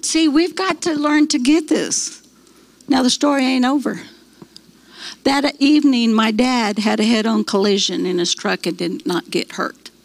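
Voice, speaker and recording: A woman's voice: a little high, unhurried, gravelly, rough recording. A middle-aged woman, teaching a church prayer class in a folksy storytelling way, full of fillers and restarts.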